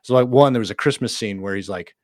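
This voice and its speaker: A man's voice: fairly low pitch, quick pace, darkish tone, no room sound, clean studio sound. A man co-hosting a podcast, chatting casually and enthusiastically, rambling with restarts. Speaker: podcast co-host. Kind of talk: casual chat.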